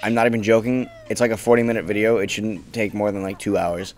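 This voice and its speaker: A young man commentating his own gameplay casually, swearing often and bursting into frustrated shouts. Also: on the low side, level tone, quick pace. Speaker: let's play gamer.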